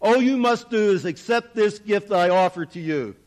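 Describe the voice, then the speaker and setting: Picture a gentle, loving Jesus figure in a spoken storybook tale, as a man puts him on. He speaks softly and tenderly, dropping lower than the narrator's own fairly high voice. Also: lively intonation, normal speed. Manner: soft, low and tender.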